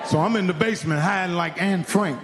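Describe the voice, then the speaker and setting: A man's voice: high voice, brisk, in a large hall, very noisy. A man from Indiana doing stand-up, telling a profane story and acting out the other people in it. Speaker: stand-up comedian. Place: live comedy venue.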